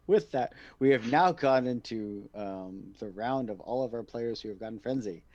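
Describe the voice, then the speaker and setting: A man running a tabletop game as game master, narrating in a relaxed, rambling way with frequent fillers. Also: mid-range voice, moderate pace, no echo, muffled recording. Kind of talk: narrating a tabletop game over a live stream.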